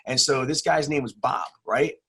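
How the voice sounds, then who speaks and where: A man's voice: medium pitch, fairly even intonation, moderate pace, gravelly, bright, forceful tone, slightly rough. A man chatting on a podcast and telling a joke, talking directly and animatedly about car sales. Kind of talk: casual podcast chat.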